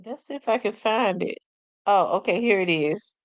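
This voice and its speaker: A woman's voice: mid-range voice, normal speed, dry recording. A woman hosting a casual commentary stream, chatty, exclaiming and laughing as she talks to her viewers. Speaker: host.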